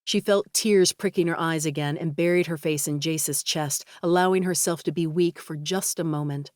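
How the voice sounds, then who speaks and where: In studio-quality audio free of echo, a deep-voiced woman narrates an audiobook. Her scripted reading stays steady and measured throughout.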